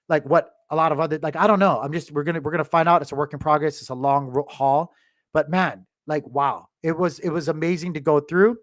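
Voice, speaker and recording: A man's voice: on the high side, brisk, no echo, studio quality. A man hosting a crypto channel, talking casually to his viewers with many restarts and fillers, choked up with emotion.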